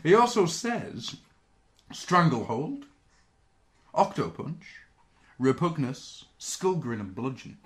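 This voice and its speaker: A man's voice: a little high, sing-song, takes it slowly, long pauses. A British man hosting a podcast, riffing goofily through casual banter and admitting he is tired. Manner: goofy, riffing on jokes, tired. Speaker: podcast host.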